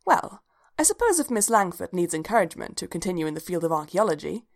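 A woman's voice: on the low side, big pitch swings, fast, creaky. A woman voicing a proper, bookish young woman archaeologist who speaks in a polite, formal and slightly fussy way, in a storybook reading. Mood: earnest.

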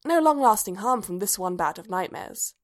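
A woman narrating a story aloud in a calm, even voice. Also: medium pitch, normal speed. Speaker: story reader. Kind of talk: scripted narration.

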